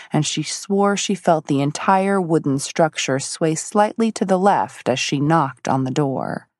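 An audiobook narrator, a woman with a low voice, reads a romance novel in a steady, measured storytelling manner. The scripted narration has clean studio sound with no room sound.

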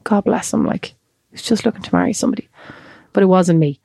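An Irish woman co-hosting a podcast, spinning a story in lively casual chat full of quoted asides. Her voice sits at a middle pitch. The recording is dry and close. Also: fast talker, gravelly, slightly rough, no echo. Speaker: podcast co-host.

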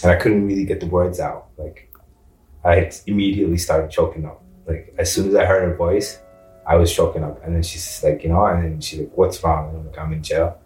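A man with a low voice tells his story casually, acting out dialogue with plenty of fillers. He sounds set back from the mic in an echoey room. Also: steady tone, brisk, darkish tone, soft background music. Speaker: interview guest telling his story. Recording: roomy, distant mic.

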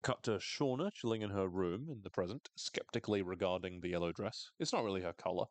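A man casually recapping a TV episode on a podcast, animated, sweary and wry. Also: low voice, brisk, no room sound.

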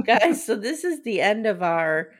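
An American woman hosting a podcast in a casual, chatty way, full of "like" and quick asides. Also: medium pitch. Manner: chatty, expressive, lots of "like". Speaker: podcast host. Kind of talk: casual chat.

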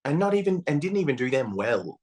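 A man co-hosting a podcast, chatting casually in a blunt, sweary and animated way. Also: medium pitch, brisk. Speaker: podcast co-host. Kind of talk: casual chat.

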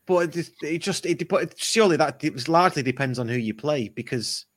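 A man's voice: a little high, lively intonation, fairly quick, a bit bright. A man hosting a casual football podcast, rambling and restarting his sentences as he chats. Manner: rambling, restarts often, chuckles. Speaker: podcast host.

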